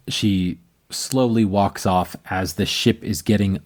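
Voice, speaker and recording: A man's voice: low voice, steady tone, takes it slowly. A man narrating a tabletop game as game master, loose and full of fillers.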